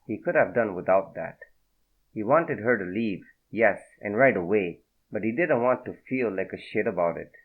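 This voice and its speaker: A male audiobook narrator with a fairly low voice reads at a steady, unhurried pace. The sound is thin and narrow, like it comes over a phone line. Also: husky.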